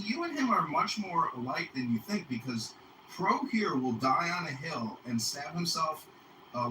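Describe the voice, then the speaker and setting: Higher-voiced man rambling in chat. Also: echoey room, far from the mic, noisy background. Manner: rambling, profane opinions. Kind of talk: casual online voice chat.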